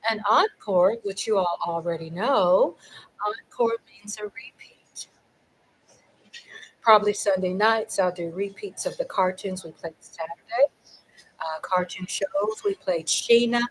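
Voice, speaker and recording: A middle-aged woman hosting a casual livestream, talking in a lively, chatty way and swinging from loud cheering to low asides. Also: unhurried, husky, poor audio. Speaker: livestream host.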